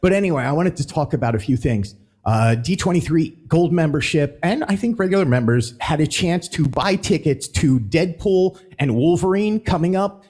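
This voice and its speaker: A man's voice: on the high side, animated, normal speed, darkish tone. A man hosting a casual theme park news vlog, chatty and rambling, stumbling as he reads announcements aloud.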